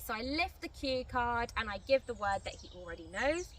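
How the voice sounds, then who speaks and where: A woman dog trainer giving a clear, step-by-step tutorial outdoors. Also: a little high, sing-song, a little fast, few pauses. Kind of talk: instructional tutorial. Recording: distant mic, faint outdoor noise.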